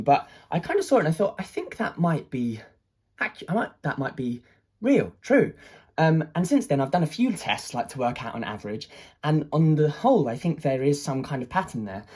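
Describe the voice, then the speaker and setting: A husky-voiced speaker tells a personal story in a loose, rambling way. The delivery is hesitant, with fillers and restarts, and carries an excitable sense of wonder at mid pitch. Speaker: artist telling a personal story.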